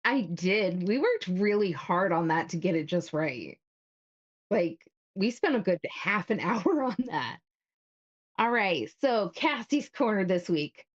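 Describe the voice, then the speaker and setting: A woman's voice: fairly low pitch, lively intonation, slow, highs cut off. A woman co-hosting a live stream in casual chat, talking frankly and swearing freely when she is worked up. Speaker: co-host.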